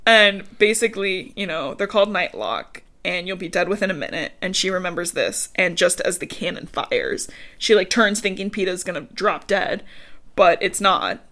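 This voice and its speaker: A young woman talks through a book's plot in loose, casual podcast chat. She swears often and slips into characters' voices with sudden pitch jumps, breaking into laughs along the way. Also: animated, moderate pace, fairly bright tone. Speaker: podcast co-host. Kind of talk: casual book recap chat.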